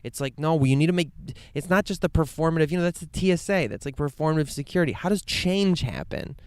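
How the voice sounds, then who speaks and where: Man, podcast host, smooth resonant voice, dry close sound, rambling, earnest, swears a lot, outdoors. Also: fairly high pitch, animated, quick pace, dry recording. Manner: rambling and earnest, heavy use of "like", frequent swearing. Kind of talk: casual reflective monologue. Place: outdoors in a quiet grassy meadow.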